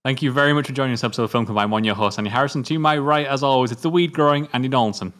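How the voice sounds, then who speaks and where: A British man with an average-pitched voice hosts a casual film review show. He moves things along briskly and teases his co-host with dry quips. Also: fairly bright tone. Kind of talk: casual film chat with scripted intro.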